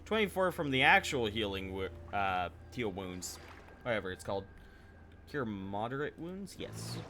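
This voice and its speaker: A man's voice: on the low side, sing-song, a little slow, vocal fry, background noise. A young man chatting casually while streaming a game live, rambling, playful, swearing and slipping into silly voices.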